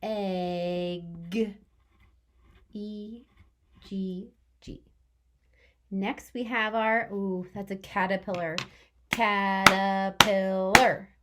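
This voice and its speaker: Young woman teacher for small children; slow, cheerful sing-song delivery, sounds out words letter by letter, mid pitch. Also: fairly even intonation, a little hiss or hum. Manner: cheerful, praising, speaks to children as friends. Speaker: kindergarten teacher. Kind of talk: remote lesson for young children.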